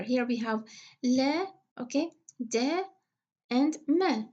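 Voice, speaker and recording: A woman teaching English pronunciation in a recorded lecture, patiently repeating example words slowly with frequent fillers. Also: high voice, animated, darkish tone, dull audio.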